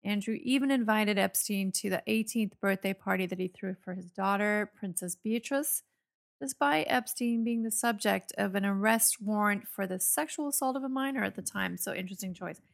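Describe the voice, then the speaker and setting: A woman on a comedy podcast reading out news stories and tossing in sarcastic asides. Her voice has a heavy, gravelly fry throughout. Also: medium pitch, normal speed. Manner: wry, sarcastic. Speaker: podcast co-host.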